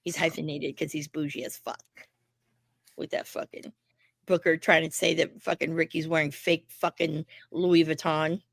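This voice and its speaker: A woman's voice: low voice, moderate pace, gravelly, no room sound. Profane, blunt woman chatting casually. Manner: blunt, profane, animated asides. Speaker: podcast co-host. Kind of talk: casual wrestling chat.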